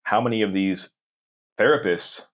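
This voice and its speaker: A low-voiced man co-hosting a podcast. He builds his argument slowly, playing devil's advocate in casual chat. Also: fairly bright tone. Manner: measured, arguing devil's advocate. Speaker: podcast co-host.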